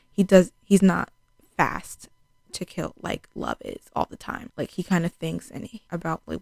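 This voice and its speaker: Young woman, casual TV review vlogger, gravelly low voice, talky and loose with "like" fillers. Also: darkish tone, no echo. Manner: chatty, fills speech with "like", acts out quotes. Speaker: TV show reviewer. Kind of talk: casual spoken show recap.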